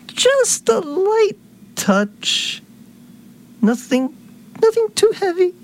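A man putting on a simpering, dismissive politician in a mocking sing-song falsetto. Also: big pitch swings, extremely slow, slight background noise, full character voice.

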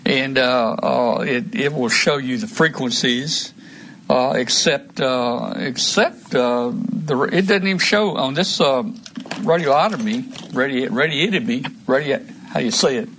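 A man's voice: medium pitch, measured pace, a bit bright, a little hiss or hum. A man hosting a casual live stream, rambling through gear talk with many restarts. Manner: rambling, restarts often, trails off. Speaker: host of a radio hobby live stream.

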